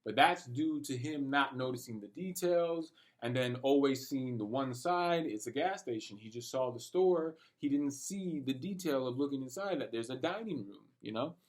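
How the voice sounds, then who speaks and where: A young man telling a rambling, animated story about his night, full of slang and cursing. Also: medium pitch, moderate pace, few pauses. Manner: rambling and animated, talking to himself with lots of slang and profanity. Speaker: vlogger. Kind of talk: late-night personal rant.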